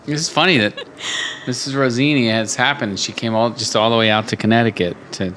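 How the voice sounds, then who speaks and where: A man's voice: mid-range voice, a little fast, a bit bright, a little hiss or hum. A man co-hosting a podcast, making wry, rambling asides about a sitcom. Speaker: podcast co-host. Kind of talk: casual recap chat.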